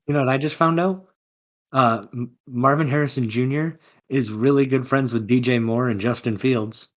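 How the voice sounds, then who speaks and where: A man's voice: medium pitch, steady tone, moderate pace. Joking man chiming in on a podcast. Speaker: podcast co-host. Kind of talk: casual sports chat.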